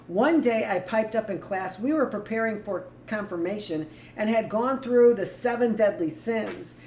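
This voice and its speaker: A blunt woman teacher with a mid-range, slightly mellow voice reads a book aloud to a live class, breaking off for rambling, blunt commentary between passages. The room is echoey with faint background noise.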